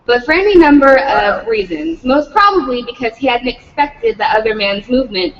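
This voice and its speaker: A woman's voice: sits high, long reverb tail, far from the mic, dull audio, slight background noise. A woman reading a novel aloud at a public read-in, slipping profanity into the text. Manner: adds profanity, breaks off laughing.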